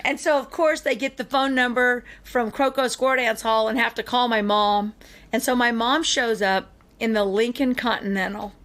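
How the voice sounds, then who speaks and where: Chatty woman, fairly high voice. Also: normal speed. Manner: animated and chatty, with frequent fillers. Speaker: podcast co-host. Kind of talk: casual storytelling chat.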